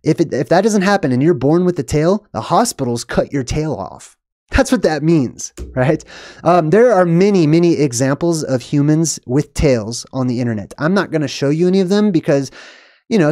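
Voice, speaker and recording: A man's voice: fairly high pitch, a little mellow, no room sound, studio quality. A man hosting his own video, talking through a film in a rambling, emphatic way with frequent fillers and short laughs. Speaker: video host. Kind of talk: casual monologue.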